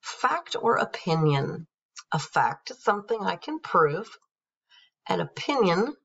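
A woman's voice: deep voice, gravelly, a bit bright, slightly rough. A woman teacher patiently going over a grammar worksheet, spelling words out letter by letter. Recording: dull, distant screen-recorded audio.

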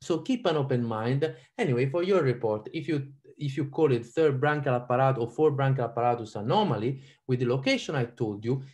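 A man's voice: mid-range voice, fairly quick, few pauses. A man with an Italian accent giving a live online radiology lecture, quizzing his audience and often repeating himself. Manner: animated, quizzes audience with frequent ums and repeats.

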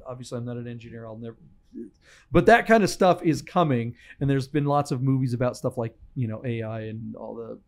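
Animated podcast co-host, man. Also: medium pitch, brisk. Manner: animated storyteller, acts out scenes. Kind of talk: casual chat. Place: podcast studio.

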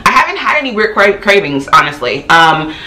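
Fast-talking woman in an echoey room. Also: medium pitch, big pitch swings, sharp tone. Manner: fast-talking, chatty, many fillers. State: tired. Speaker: vlogger. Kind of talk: casual chat to camera. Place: home apartment.

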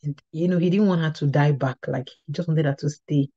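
A woman with a low, dark voice and fairly even intonation speaks a little fast while teaching at a women's ministry. She tells her testimony earnestly as a story, often going back over and restarting phrases, captured on a slightly dull lo-fi recording with no echo.

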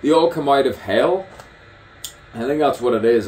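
A man's voice: medium pitch, animated, normal speed, a little mellow, slight background noise. A man talking outdoors in a rambling stream-of-consciousness monologue, musing aloud and repeating his own phrases over and over. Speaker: poet and artist. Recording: distant mic with faint outdoor ambience.

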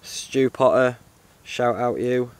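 A man chatting to camera in a casual vlog, excitable and rambling. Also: medium pitch, takes it slowly, smooth, no echo. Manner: excitable, rambling, swears and laughs often. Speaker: outdoor vlogger.

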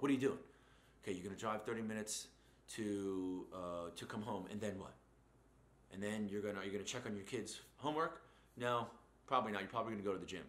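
Man, bright forceful voice, low-ish pitch, blunt profane motivational rant, echoey room. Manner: blunt, profane, heavy swearing, mocking asides. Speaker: host.

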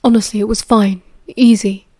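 A woman with a British accent reading the lines of a tense young werewolf man in an audiobook, in terse, low-key replies. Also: flat delivery, moderate pace, darkish tone, lightly acted. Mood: subdued.

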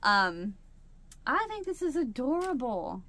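A woman's voice: high voice, very animated, takes it slowly, bright, forceful tone. A woman hosting a home crochet video, talking casually and rambling, with frequent laughs, while sitting in a chair at home. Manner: chatty and rambling, laughs often. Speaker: crochet channel host. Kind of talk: casual chat.

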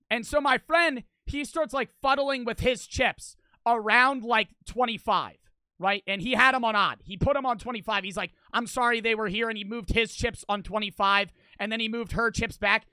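A young man casually telling a story as a vlogger, animated and full of swearing, swinging between loud outbursts and low mutters. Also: normal speed, clean tone, dry recording.

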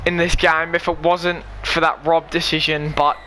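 A man commentating his own rugby video game live, excitable and pleading with his players. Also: a little high, normal speed, slight background noise. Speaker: gaming YouTuber.

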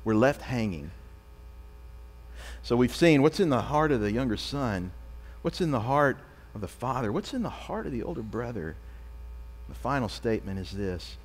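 Animated preaching man in reverberant church. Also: medium pitch, normal speed, long pauses. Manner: animated preaching, acts out quoted voices. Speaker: pastor. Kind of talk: sermon. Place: church sanctuary.

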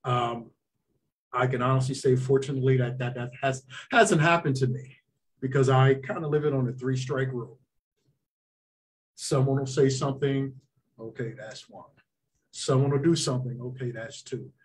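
A man appearing as a sports official guest, giving calm, measured advice in casual interview talk. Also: mid-range voice, slightly rough.

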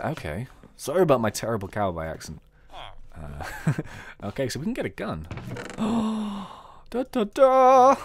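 A man hosting a game video, chatting excitedly and thinking aloud as he plays. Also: fairly low pitch. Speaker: gaming video host. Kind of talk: let's play commentary.

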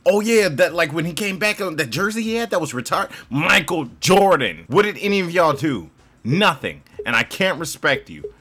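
A young man hosting casual gameplay commentary, excitable and swearing, often mocking himself. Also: fairly high pitch, normal speed, faint music behind. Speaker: gaming channel host.

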